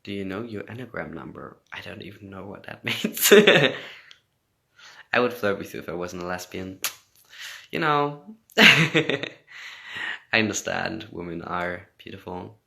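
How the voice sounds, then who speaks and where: A man's voice: deep voice, lively intonation, moderate pace, gravelly, bright, forceful tone. A man whose first language is English, chatting casually on a phone livestream, reading out and answering fan comments, laughing often and switching between English and German.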